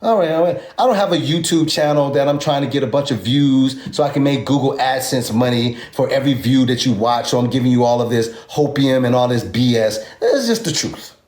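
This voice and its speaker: Guy w/ breaking down crypto charts, emphatic, keeps asking if y'all agree, mid pitch. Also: steady tone, a little fast, few pauses, darkish tone. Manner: emphatic, repeats numbers, asks the audience to agree. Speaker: crypto trading instructor. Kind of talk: informal chart walkthrough lesson.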